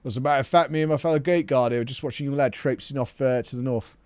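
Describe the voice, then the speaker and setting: A man voicing a matter-of-fact male gate guard in a video game, speaking low and brisk. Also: a little mellow, clear, resonant tone, no room sound, close to an everyday voice.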